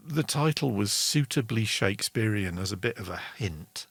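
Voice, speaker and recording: A man's voice: fairly low pitch, expressive, normal speed, vocal fry, hardly any pauses, fairly bright tone, breathy edge, no echo. A middle-aged man hosting a casual online songwriting lesson, chatty and enthusiastic as he explains meter. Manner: chatty and enthusiastic, reads viewer comments aloud, sings rhythm syllables. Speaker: songwriting show host.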